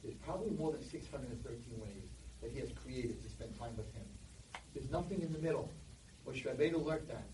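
A man giving an animated sermon to boys, telling stories, recorded in an echoey hall from a distance. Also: mid-range voice, a little fast, a little hiss or hum. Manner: animated, storytelling. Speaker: speaker addressing boys.

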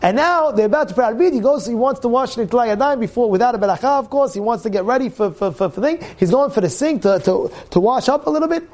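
High-voiced preacher, animated. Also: male voice, quick pace, hardly any pauses. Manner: lively, repeats words, acts out quotes. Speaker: rabbi teaching a Torah class. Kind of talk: animated sermon storytelling.

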